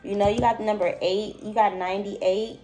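Warm and mid-range, this woman's voice moves fairly quickly with a fairly even intonation, and faint music plays behind her. Addressing her viewers directly as a spiritual reader, she gives a chatty intuitive reading, calls them baby, and fills it with loose filler.

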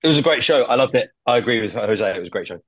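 A man's voice: mid-range voice, animated, rapid-fire, fairly bright tone, breathy edge, no echo. A man on a casual podcast chat, talking enthusiastically and swearing often while he stumbles through fillers and restarts. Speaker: podcast guest.

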